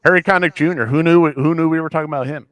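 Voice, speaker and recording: A man's voice: on the high side, rapid-fire, no echo. A man from the American Midwest co-hosting a podcast, rambling casually and poking fun at himself. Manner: rambling, self-deprecating, animated. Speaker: podcast co-host. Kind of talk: casual chat.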